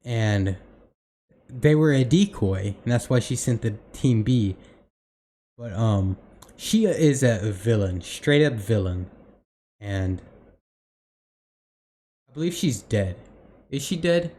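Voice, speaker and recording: A man's voice: on the low side, expressive, takes it slowly, long pauses, warm tone. A young man co-hosting a podcast in casual chat, rambling with many fillers and restarts. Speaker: podcast co-host.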